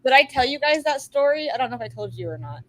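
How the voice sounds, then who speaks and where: Chatty teasing higher-voiced woman. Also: big pitch swings, quick pace. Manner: chatty, teasing, rambling anecdotes. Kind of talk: casual chat.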